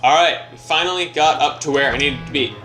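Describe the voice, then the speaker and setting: A young man hosts a laid-back gameplay commentary, rambling and poking fun at his own playing. His voice sits somewhat high, and clear game music plays behind him. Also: brisk, bright, forceful tone, rough recording. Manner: rambling, self-mocking and joking. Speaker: let's play host.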